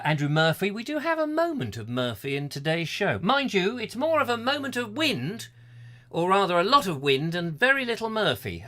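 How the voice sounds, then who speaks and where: A man's voice: a little high, sharp tone. A middle-aged man hosting a live comedy chat show, rambling through viewers' comments with puns and silly asides. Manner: rambling, punning, bursts into silly voices and song.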